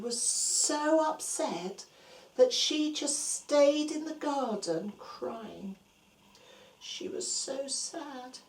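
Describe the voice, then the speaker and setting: A high-voiced woman tells a Bible story to small children at a very unhurried pace, her voice swooping widely in pitch. She shifts between hushed whispers and bright exclamations, and the room around her is echoey.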